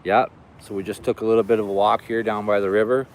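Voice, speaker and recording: Man, low voice, casual live stream chat outdoors, thanks viewers, faint street noise behind. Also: flat delivery, quick pace. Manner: chatty, reads out and thanks viewers. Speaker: livestreamer. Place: outdoors by a river.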